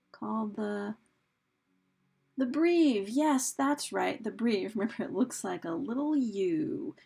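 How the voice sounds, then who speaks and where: A woman's voice: medium pitch, creaky, warm tone, slightly rough. A woman teacher talking through a recorded lesson over slides, chatty, with fillers and questions put to her students. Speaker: English teacher.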